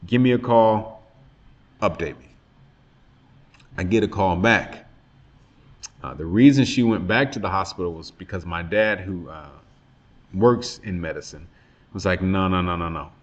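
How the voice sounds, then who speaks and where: Man, very low voice, earnest, reflective, personal testimony monologue. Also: normal speed. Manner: earnest, reflective, emotional retelling. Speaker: father telling his story.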